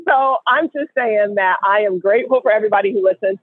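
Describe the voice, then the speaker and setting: A woman co-hosting a casual call-in podcast, a lively storyteller who slips into the voices of people she quotes. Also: medium pitch, fast, no echo. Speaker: co-host. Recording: tinny phone line, dry.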